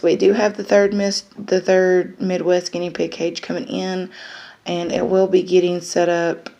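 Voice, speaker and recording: A woman with a lowish voice chats casually to the camera. She rambles warmly, with frequent fillers and restarts. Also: lo-fi sound. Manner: chatty, many fillers, excited baby talk to pets. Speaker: vlogger.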